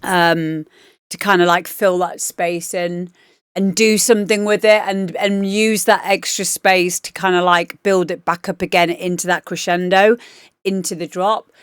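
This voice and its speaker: Woman DJ, casual livestream host, rambling, smooth clear voice, dry sound. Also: fairly low pitch, fairly even intonation, a little slow, no room sound. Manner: rambling, chatty, lots of fillers. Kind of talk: casual feedback on music demos.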